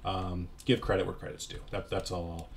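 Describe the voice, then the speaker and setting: Rambling young man with a low voice. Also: level tone, fairly quick, creaky. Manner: rambling, self-deprecating, with filler words. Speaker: YouTuber. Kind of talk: casual gameplay commentary.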